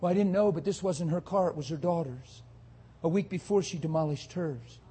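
A man's voice: a little high, brisk, warm tone. A man preaching a sermon, talking to his congregation with fervent, emphatic delivery.

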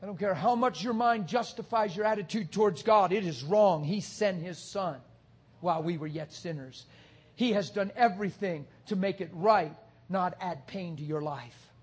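A man preaching a passionate sermon, swinging between shouts and hushed, intimate talk. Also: high voice, normal speed, breathy edge.

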